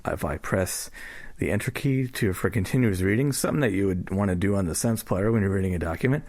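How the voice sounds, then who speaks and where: Low, husky man demonstrating gadgets. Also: quick pace, a little mellow. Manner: loose and conversational, with fillers and self-corrections. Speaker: assistive tech demonstrator. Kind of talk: casual spoken demonstration. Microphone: portable recorder.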